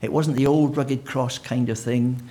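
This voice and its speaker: A man's voice: mid-range voice, steady tone, unhurried, background noise. A man preaching a sermon in a church, conversational and full of fillers and restarts.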